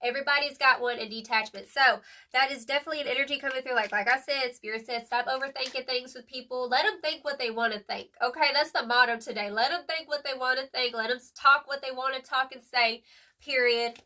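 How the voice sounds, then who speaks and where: Bright-voiced woman chatting through a tarot reading. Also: high voice, fairly even intonation, quick pace, recorded from a distance. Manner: chatty, emphatic, lots of "like" and "period"; slangy, affectionate, calls the viewer "boo-boo". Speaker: tarot reader. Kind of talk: casual tarot reading to camera.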